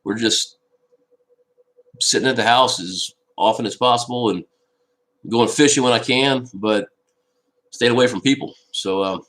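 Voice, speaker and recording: Streaming casually from home, a man running a fishing channel meanders along and responds to viewer comments spoken into his laptop's built-in microphone. He speaks at medium pitch and a measured pace, pausing often, with a slightly bright tone. Audio quality is poor.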